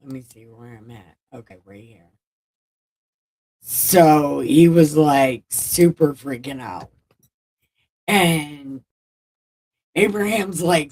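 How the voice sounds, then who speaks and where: Irreverent woman host paraphrasing scripture, slow and low, a bit off-mic. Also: a little mellow, distant mic, rough recording. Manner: irreverent, swears, loose paraphrase. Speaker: Bible-reading video host. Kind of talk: casual Bible retelling with commentary.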